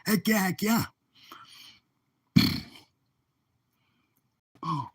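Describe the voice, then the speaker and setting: A man's voice: sits high, extremely slow, a bit bright, slightly rough. A man chatting casually to his viewers on a live stream, rambling and repeating upbeat exclamations. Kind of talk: casual livestream chat.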